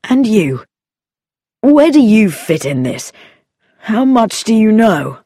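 A woman voicing a stern, brooding man who is quick to anger in a read-aloud story, speaking low and gruff with a threatening edge. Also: big pitch swings, warm tone, no echo, studio quality. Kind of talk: storybook character voice.

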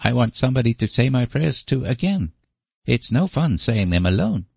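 An anxious little boy with a high, pleading voice that stumbles over his words, as a man puts him on for a storybook. The voice sits well above the reader's own, dry and close to the mic. Hoarse at the edges. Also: very animated, moderate pace, dry recording, heavily acted. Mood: stubborn. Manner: pleading, hesitant, stammering. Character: small anxious earnest boy.

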